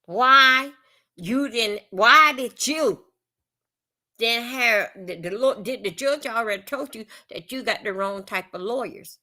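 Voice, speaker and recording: Slow-paced and a little high, her sharp-toned voice drives a blunt, profane rant during a live stream. The speaker is a woman from Florida with a Southern accent who rambles and repeats points.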